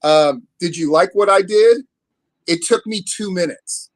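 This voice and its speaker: A man hosting a casual interview podcast, telling stories in an animated, profane way. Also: high voice, a little slow, no echo. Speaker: podcast host.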